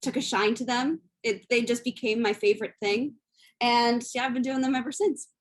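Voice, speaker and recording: A young American woman talks as an actor guest in an interview, answering in a poised, well-spoken and polite way. Her voice sits a little higher than most. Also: fairly even intonation, moderate pace. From United States. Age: young adult. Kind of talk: casual interview chat.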